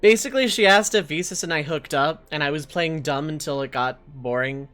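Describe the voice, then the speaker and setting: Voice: mid-range voice, fairly quick, a bit bright. A streamer giving casual, wry let's play commentary. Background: game music.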